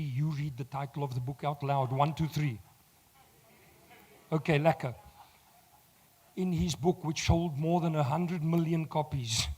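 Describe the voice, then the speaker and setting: A South African man with a croaky voice giving a motivational talk to a live audience. He speaks directly to the crowd, teases them, and swells loud when he makes a point. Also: fairly high pitch.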